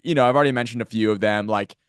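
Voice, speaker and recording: Guy with a lowish voice rambling through a show review, lots of "like", dry close sound. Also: racing, clear, resonant tone, no room sound. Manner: rambling, heavy use of filler words. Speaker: podcast co-host. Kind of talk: casual film review chat.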